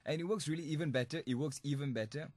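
A man's voice: on the high side, fast, a little mellow, no room sound. A young man from Singapore hosting a student radio podcast, talking in a playful, mischievous way and laughing often. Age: young adult. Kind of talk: comic monologue podcast.

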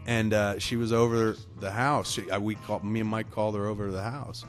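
A man's voice: on the low side, level tone, a little fast, soft background music. A man co-hosting a podcast, telling a rambling, profanity-laced story in casual chat. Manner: profane, rambling anecdote with laughs. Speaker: podcast co-host.

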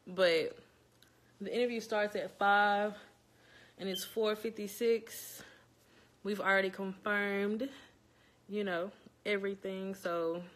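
Brief: young woman, chatty and jittery, bright voice, slow delivery. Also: medium pitch, fairly even intonation. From Louisiana. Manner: nervous, chatty, talks straight to viewers. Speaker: interviewer. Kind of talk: casual chat. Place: home, indoors.

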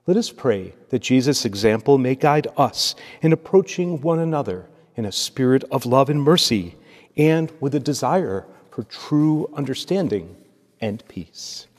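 A man as a priest, reading scripture and preaching a homily in a measured, steady cadence. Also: medium pitch. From United States. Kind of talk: liturgy and homily. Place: church. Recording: long church reverb.

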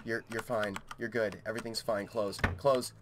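A young man's fairly even, lowish voice moves at a moderate pace as he plays a horror game for his YouTube channel. He swears and rambles to himself in a panic, his keyboard faintly clicking at the desk mic, over a noisy background.

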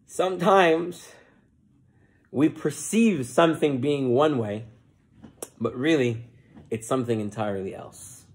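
A rabbi giving a relaxed, conversational sermon and telling a joke story, with joking asides. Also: male voice, on the high side.

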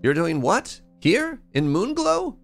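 A man voicing a caring, upbeat young adult daughter in a game, in a raised, lively voice. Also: on the high side, normal speed, soft background music, heavily acted. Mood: surprised.

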